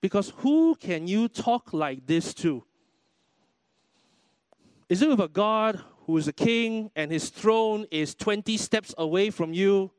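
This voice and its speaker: A man preaches a sermon in a church, his voice sitting high for a man. He talks animatedly and acts out little quoted exchanges. The sound is dry and close. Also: expressive, takes it slowly, clean tone, no echo. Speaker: pastor.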